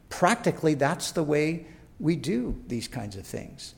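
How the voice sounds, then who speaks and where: Male pastor, sermon delivery, casual and conversational, acts out prayers, voice a touch high. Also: big pitch swings, unhurried, gravelly.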